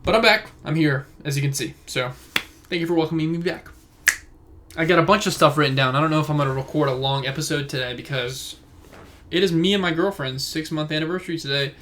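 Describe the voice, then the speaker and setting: A man's voice: a little high, fairly even intonation, fast talker, fairly bright tone, slight background noise. A young man in his twenties hosting a casual solo podcast from his room at home, recorded on a phone, rambling and going off on tangents. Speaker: podcast host. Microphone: phone camera.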